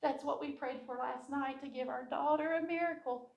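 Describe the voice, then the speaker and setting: A woman's voice: high-pitched, fairly even intonation, normal speed, creaky, lo-fi sound. Heartfelt woman sharing a church testimony. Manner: heartfelt storytelling, acting out what people said. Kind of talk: personal testimony to a congregation.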